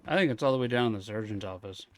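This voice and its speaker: A man's voice: fairly low pitch, animated, rapid-fire, a little hiss or hum. A man streaming a ghost-hunting game live, thinking aloud and chatting in a friendly way with his viewers.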